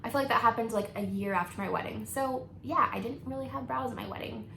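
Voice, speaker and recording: A beauty vlogger in her thirties talks casually while doing her makeup. Her voice sits a bit high and she laughs often, filling her talk with likes and ums. The room sounds echoey, with a faint hiss behind her. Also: fast talker, creaky.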